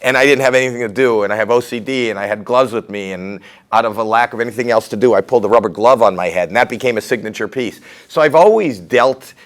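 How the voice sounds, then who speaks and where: A man's voice: medium pitch, fast talker. A middle-aged man with a Canadian accent, talking through his comedy career in a candid, rambling, self-deprecating interview.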